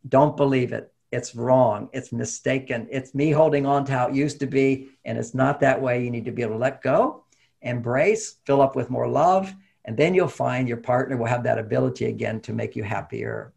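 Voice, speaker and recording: Brief: male interview guest, gravelly and a little husky, animated advice-giver. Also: medium pitch, normal speed. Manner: animated, acts out quoted voices, laughs often. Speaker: relationship author and guest. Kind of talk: conversational interview talk.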